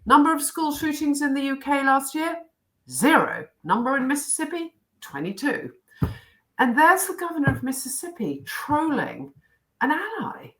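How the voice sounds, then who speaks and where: A woman's voice: sits high, very animated, moderate pace, a bit bright, rough recording. Indignant British woman ranting. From United Kingdom. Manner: indignant, emphatic, listing points. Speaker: guest, former diplomat. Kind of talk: animated political commentary.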